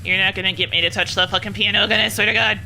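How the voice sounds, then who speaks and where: A young woman streaming a game, chatting casually and swearing at it out loud. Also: mid-range voice, fairly even intonation, very fast, a little hiss or hum. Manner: swears often, scolds the game aloud. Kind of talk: casual gameplay commentary.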